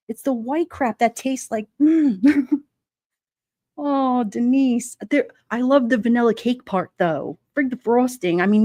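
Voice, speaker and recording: A woman's voice: on the high side, mellow, no echo. Chatty, laughing woman livestreamer, dry sound. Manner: chatty, laughing often, blunt and playful. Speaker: livestream host. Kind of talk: casual live chat with viewers.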